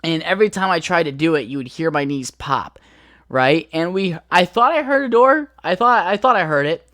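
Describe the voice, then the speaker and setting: A man's voice: on the high side, animated, normal speed, a bit bright, no room sound, clean studio sound. Young man telling a profane story. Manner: profane, laid-back rambling with frequent fillers. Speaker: podcast host. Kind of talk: casual storytelling.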